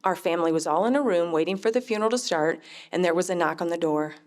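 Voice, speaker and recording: A middle-aged woman, a mother, telling her faith testimony in an earnest, heartfelt, measured way. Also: fairly low pitch, darkish tone. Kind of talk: personal testimony storytelling.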